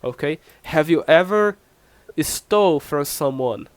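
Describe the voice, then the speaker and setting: A man's voice: a little high, lively intonation, no room sound. Patient Brazilian man teaching Portuguese. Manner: patient, repeats phrases often with "okay?" and slow drilled examples. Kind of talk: online language lesson.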